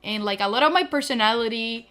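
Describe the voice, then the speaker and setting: Woman streamer, casual rapid chat, bright and lively, faint music underneath. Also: a little high. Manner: fast-talking, full of "like" fillers. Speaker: streamer debuting a virtual avatar.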